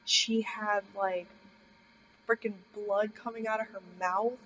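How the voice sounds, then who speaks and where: A woman's voice: mid-range voice, steady tone, takes it slowly, a bit bright. A young woman vlogger telling a scary story in casual, rambling speech full of "like". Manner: rambling, heavy use of "like". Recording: dull distant recording with faint hiss.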